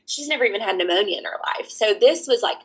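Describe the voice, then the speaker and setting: A woman's voice: medium pitch, animated, quick pace, breathy edge, low-quality recording. A woman in her thirties, a guest on an interview show, earnestly telling a personal story and retelling conversations in quoted dialogue. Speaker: guest, adoption consultant.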